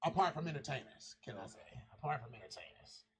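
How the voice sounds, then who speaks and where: A man's voice: a little high, animated, quick pace. A man on a podcast in casual chat, telling stories in loose slang and laughing often. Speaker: podcast host.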